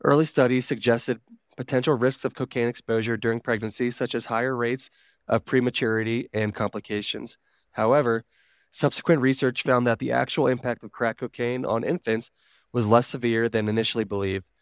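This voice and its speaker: A man's voice: mid-range voice, steady tone, a little fast, clean tone, no room sound, studio quality. A man co-hosting a podcast, reading out notes in a casual, swearing manner while wheezing from asthma. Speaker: podcast co-host.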